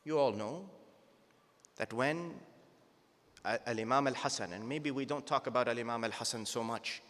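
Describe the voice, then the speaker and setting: A man giving a sermon, moving from plain teaching into slow, sung mourning recitation. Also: medium pitch, fairly bright tone. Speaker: sheikh giving a Muharram night lecture. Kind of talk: sermon with chanted elegy. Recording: long hall reverb.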